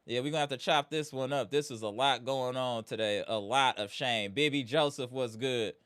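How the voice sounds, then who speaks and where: A man's voice: medium pitch, normal speed, fairly bright tone, clean tone. A man hosting a live sports fan stream, greeting viewers by name and venting about his team's loss. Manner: hype, greets chat by name, frustrated. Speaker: livestream host.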